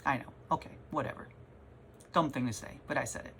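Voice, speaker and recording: A man who runs a comic shop, telling a rambling, animated story in a casual vlog from his store. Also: medium pitch, brisk, gravelly, husky. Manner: rambling, animated, self-interrupting.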